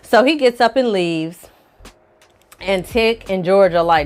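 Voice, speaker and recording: A woman casually recapping a TV episode for viewers, telling the story in a lively, slangy and profane way. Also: medium pitch, slow pace. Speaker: film and TV reviewer.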